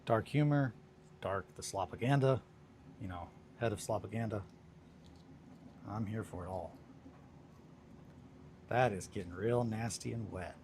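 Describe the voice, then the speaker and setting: While tinkering with a hobby project on a livestream, a young man jokes with viewers, reads the chat out loud, and keeps things laid-back. His voice is on the low side and a little mellow, measured and often pausing, with slight background noise.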